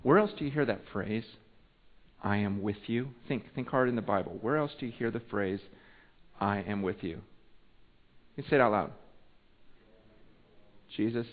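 A man's voice: mid-range voice, normal speed, pauses often. Man preaching in a long echoing hall. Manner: swings from loud urgent preaching to hushed intimate tones. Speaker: pastor. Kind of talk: sermon. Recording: tinny phone-like sound with long hall reverb.

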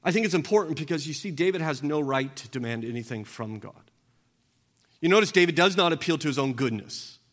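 A pastor preaches a sermon in a conversational way, his male voice a little high, a bit bright, and slightly fast, with lively intonation. He asks the congregation questions, acts out quoted voices, and stumbles and repeats words as he goes. The recording carries the long reverb of a large hall.

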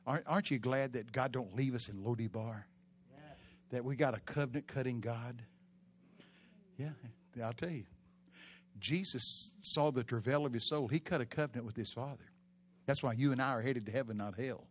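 Guy preaching, tells the story big and dramatic, yells out the peaks. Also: mid-range voice, normal speed, long pauses. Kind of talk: sermon.

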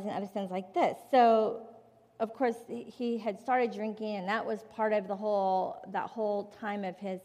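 A middle-aged woman with a fairly high voice gives a candid, confessional testimony from the stage. She talks with emphatic, heartfelt directness, and her words ring out with a long hall reverb behind them. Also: a little mellow. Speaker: conference speaker. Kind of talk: personal testimony sermon.

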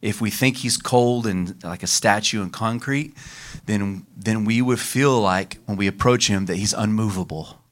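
A man preaching a sermon as pastor, leading the congregation in call-and-response and slowing down for emphasis. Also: fairly low pitch. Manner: leads the congregation in call-and-response, varies his pace for emphasis.

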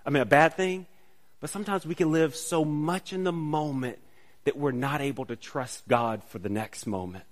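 A man with a slightly high voice preaches a sermon at a moderate pace, keeping it casual. He often checks in with "right?", restarts phrases, and shifts from soft to emphatic.

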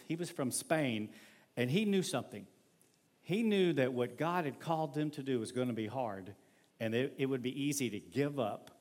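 A male pastor preaching a sermon in a conversational, animated way, acting out everyday scenes. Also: on the high side.

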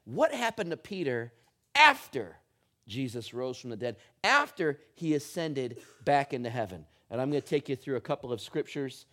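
A middle-aged man preaching a sermon, telling a funny personal story with animated, humorous delivery. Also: mid-range voice, moderate pace. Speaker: pastor.

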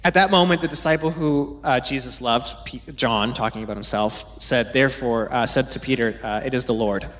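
A man's voice: mid-range voice, brisk, hardly any pauses, fairly bright tone. Conversational man preaching a sermon. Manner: conversational, acts out voices in quotes. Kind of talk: sermon, Bible teaching.

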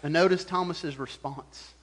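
A man preaching a sermon as pastor, animated, chuckling often and acting out the voices he quotes. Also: fairly high pitch, a little slow.

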